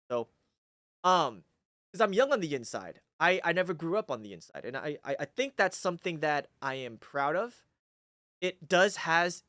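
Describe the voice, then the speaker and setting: A forty-year-old man with a Taiwanese accent chats casually on a livestream. His voice moves up and down in a lively, animated way. The sound is dry and close to the mic, and he keeps it jokey, tossing in "right?" again and again. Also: on the high side, dry recording. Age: 40s. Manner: animated and joking, with frequent "right?". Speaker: livestream host.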